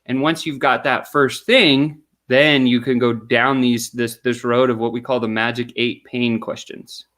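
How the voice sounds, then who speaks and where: Speaking unhurriedly with hardly any pauses, this male guest has a medium-pitched, steady, fairly bright voice. As a sales consultant in a conversational interview, he lays out a sales method step by step and role-plays example questions and answers.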